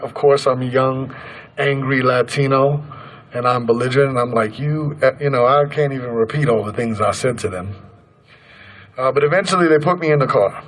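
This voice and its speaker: A man in his thirties speaks to a crowd, telling his own story. His voice sits in a middle pitch, and his manner is earnest and conversational. He slips into the voices of the people in his story as he goes. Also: poor audio. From Colorado, USA. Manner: earnest, conversational, acts out quoted dialogue. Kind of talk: personal storytelling speech. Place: protest gathering outdoors.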